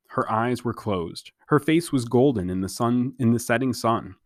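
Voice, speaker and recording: A man reading a novel aloud as a storybook reader, in a calm, even narration. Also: medium pitch, normal speed, few pauses, dry recording, studio quality.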